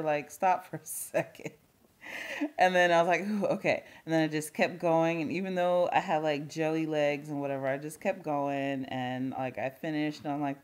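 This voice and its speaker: A young woman with a slightly low voice chats casually to her camera. She rambles through her recent weeks with many "like"s, restarts and little laughs, easygoing and unscripted. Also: a little mellow. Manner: chatty, laughs often, lots of "like" fillers. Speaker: vlogger. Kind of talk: casual chat.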